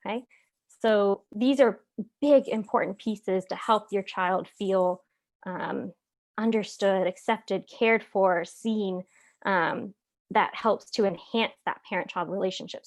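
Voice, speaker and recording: A woman's voice: medium pitch, a little mellow. A woman therapist presenting a parenting webinar in a conversational way, with many "um"s and frequent "right?" check-ins.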